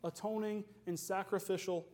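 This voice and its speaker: Guy preaching a sermon, pretty high voice, punchy, keeps asking the room questions. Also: steady tone, normal speed, a little mellow. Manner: emphatic preaching with rhetorical questions. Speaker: pastor.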